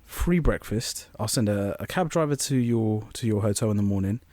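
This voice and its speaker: A man's voice: lowish voice, expressive, moderate pace, darkish tone, no room sound. A young man co-hosting a podcast, rambling through an anecdote and acting out quoted voices. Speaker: podcast co-host. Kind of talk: casual storytelling chat.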